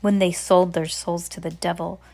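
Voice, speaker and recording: A woman's voice: fairly low pitch, little pitch movement, moderate pace, a little mellow, natural voice. A woman voicing a gossiping male village milliner, in a storybook reading. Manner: knowing, conspiratorial.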